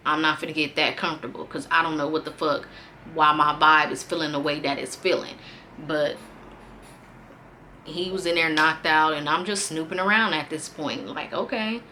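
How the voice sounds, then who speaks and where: A young woman telling a profane, animated story in a casual vlog. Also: fairly low pitch, a little hiss or hum. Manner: animated, profane, acts out quotes loudly. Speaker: storytime vlogger.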